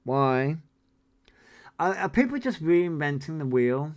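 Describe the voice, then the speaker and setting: A man in his forties hosts a relaxed livestream, answering viewer comments as he rambles. His voice is smooth and clean, and he takes his time between swear-laden, disbelieving asides. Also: a little high, takes it slowly. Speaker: livestream host. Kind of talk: casual livestream chat reading viewer comments.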